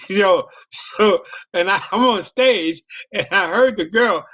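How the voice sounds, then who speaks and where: A man's voice: sits high, expressive, slow, sharp tone. A man hosting a casual interview, telling loose profane stories with many restarts and repeats. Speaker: host.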